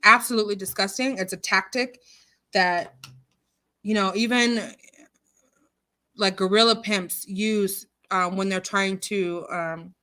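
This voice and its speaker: A woman hosting a casual livestream reads out viewer comments, reacting in an outspoken, indignant manner. Her medium-pitched voice is bright and forceful, with fairly even intonation, a slow pace and frequent pauses. She's captured by a computer mic on a streaming call.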